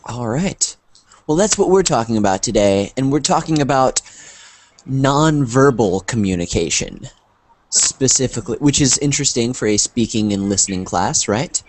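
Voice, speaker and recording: A man's voice: medium pitch, animated, normal speed. A man teaching an online English class over a video call, friendly, often asking "right?" to check in.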